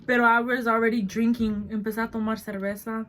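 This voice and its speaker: A woman's voice: on the high side, little pitch movement, fast talker, heavy background noise. A nineteen-year-old woman vlogger telling a story in casual chat, blunt and swearing a lot, switching between English and Spanish mid-sentence.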